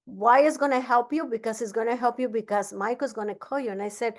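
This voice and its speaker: A woman giving a casual training talk as a business coach, energetic and often restarting her sentences. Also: fairly high pitch, fast talker, hardly any pauses. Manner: energetic, repeats herself, frequent restarts.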